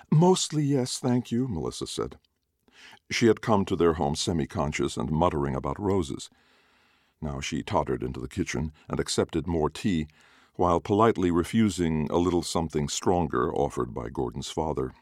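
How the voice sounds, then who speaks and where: Deep-voiced, wry male storyteller. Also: dry recording, clean studio sound. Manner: wry, expressive. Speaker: narrator. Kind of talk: storytelling narration.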